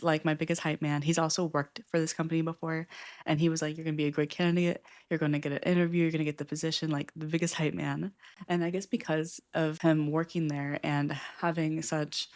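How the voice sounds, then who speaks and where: A young adult woman vlogging about a self-help book, talking in an earnest, open way with frequent "like" fillers. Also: low voice. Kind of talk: candid personal reflection.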